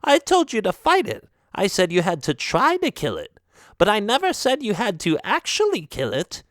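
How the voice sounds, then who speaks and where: A man narrating an audiobook voices a fussy female witch in a high, slow, teasing voice. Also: huge pitch swings, a bit bright, no room sound, clean studio sound, exaggerated voice. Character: fussy, knowing female witch brewing potions. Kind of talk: audiobook character voice.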